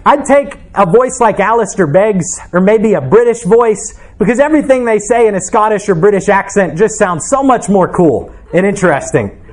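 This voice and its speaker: Man preaching with a high voice. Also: expressive, normal speed, few pauses, a little mellow. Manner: earnest, reflective preaching with rhetorical questions. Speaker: pastor. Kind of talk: sermon.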